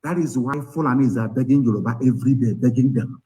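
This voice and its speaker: A man's voice: mid-range voice, quick pace, hardly any pauses, dark tone, poor audio. A man with a Nigerian accent giving an impassioned live broadcast, angry and scornful, firing rhetorical questions. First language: Igbo. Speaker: activist leader broadcasting.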